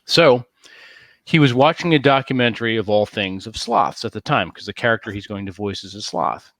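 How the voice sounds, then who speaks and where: A man's voice: lowish voice, expressive, fairly quick, fairly bright tone, dry recording. A man hosting a casual podcast chat, telling stories animatedly and laughing easily. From New Jersey. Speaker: podcast host.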